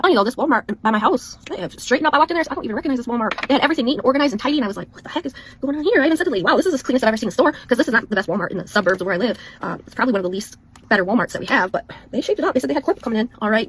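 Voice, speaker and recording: A woman's voice: fairly high pitch, a bit bright, breathy edge. A middle-aged woman vlogger telling a rambling story in a chatty, exasperated way. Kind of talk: casual storytelling chat.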